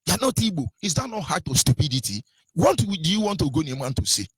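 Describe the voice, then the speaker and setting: A man's voice: on the high side, very animated, fast, breathy edge, no room sound. A man with a Nigerian accent giving impassioned radio commentary, scolding his listeners with repeated rhetorical questions and stumbling over fillers.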